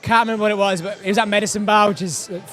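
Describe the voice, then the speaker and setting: Guy, high voice, chill and laughy, bit of crowd noise behind. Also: rapid-fire, soft background music. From Teesside, England. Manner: relaxed, laughs easily, local slang. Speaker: guest DJ. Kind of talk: casual podcast chat.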